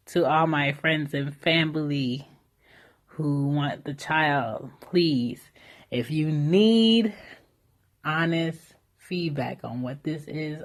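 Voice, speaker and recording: A woman's voice: deep voice, lively intonation, drawn-out words. A young woman hosting a solo podcast, talking candidly and casually about motherhood, with fillers and mild swearing. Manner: candid, conversational, with frequent fillers and mild profanity. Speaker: podcast host.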